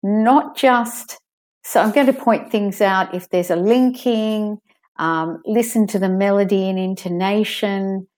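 Slow, deliberate woman teaching pronunciation. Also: medium pitch, darkish tone. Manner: slow, deliberate, stresses key words. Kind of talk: pronunciation lesson, modeling sentences for repetition.

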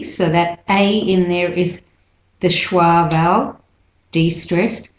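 Brief: woman, pronunciation teacher, unhurried delivery, repeats words syllable by syllable, echoey room. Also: on the low side, a little mellow. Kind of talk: slow, deliberate pronunciation lesson.

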